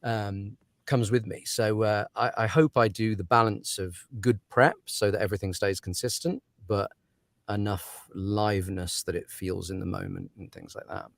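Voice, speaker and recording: A man's voice: fairly low pitch, steady tone, normal speed, gravelly, dry recording, clean studio sound. A man who narrates audiobooks, talking through his craft in a casual interview, thoughtful and given to laughs and fillers.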